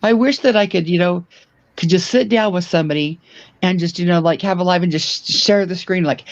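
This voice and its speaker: A man chatting as a guest on a livestream, halting and restarting his words as he talks. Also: high voice, creaky, dull audio. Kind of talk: casual chat.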